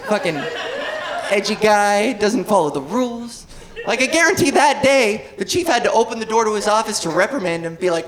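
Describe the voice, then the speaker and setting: A woman's voice: mid-range voice, fairly quick. A woman in her thirties performing a stand-up comedy set on a club stage, telling rambling, playful stories. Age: 30s. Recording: noisy club with laughing crowd.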